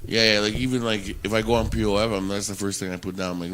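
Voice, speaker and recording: Blunt joking man, low voice. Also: little pitch movement, fast, hardly any pauses, a bit bright, a little hiss or hum. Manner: blunt and joking, teasing questions. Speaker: podcast guest. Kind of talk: casual chat.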